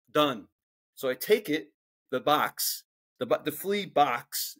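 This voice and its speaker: A man's voice: on the high side, fairly quick, fairly bright tone. A middle-aged man from Philadelphia, co-hosting a podcast and telling a profane, ranting story in casual chat. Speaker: podcast co-host.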